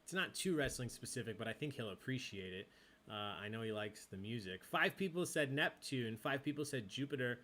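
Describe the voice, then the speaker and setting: A man's voice: mid-range voice, animated, fairly quick, bright, forceful tone. A man hosting a live online trivia night, reading questions and answer counts and joking with the players. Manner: playful, chatty, jokes with players and reads answers aloud. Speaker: trivia host.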